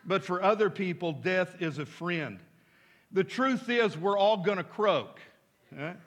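A man's voice: high voice, pushed and bright. A man preaching a folksy, conversational sermon in church. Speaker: pastor.

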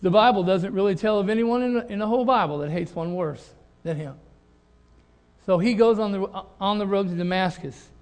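A middle-aged male pastor delivering a sermon in a high, bright-pitched voice. He is animated and leans on repeated phrases to drive his points home. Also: fairly quick.

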